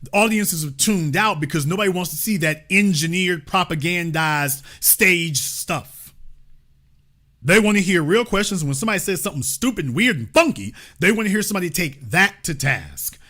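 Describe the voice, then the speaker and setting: Animated, bright-voiced male talk host. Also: high-pitched, normal speed. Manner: emphatic, repeats points for stress. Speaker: host of a political talk show. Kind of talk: animated commentary to a live audience.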